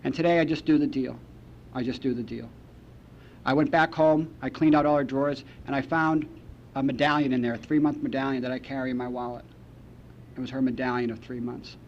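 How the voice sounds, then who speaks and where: A man speaking at a recovery meeting, telling a personal story in a wry, deadpan storytelling way, on a muffled archival recording. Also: medium pitch, fairly quick. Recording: muffled archival tape with faint noise.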